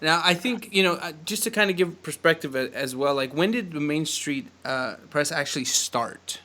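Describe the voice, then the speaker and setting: A man hosting a podcast in an energetic, fast-talking way, laughing often. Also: a little high. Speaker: podcast host. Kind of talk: casual upbeat podcast chat.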